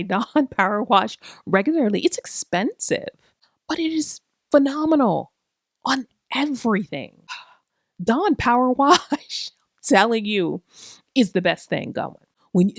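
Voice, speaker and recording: A woman's voice: medium pitch, no echo, studio quality. Laughing, self-mocking woman podcaster. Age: 40s. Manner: loose and profane, with rhetorical questions. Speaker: podcast host. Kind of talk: casual comedic podcast monologue.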